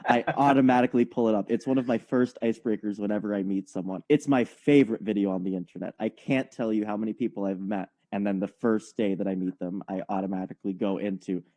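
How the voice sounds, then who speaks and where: A man's voice: lowish voice, fairly even intonation, mellow. A man co-hosting a podcast, teasing his co-host in casual chat. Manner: teasing, quick with jokes.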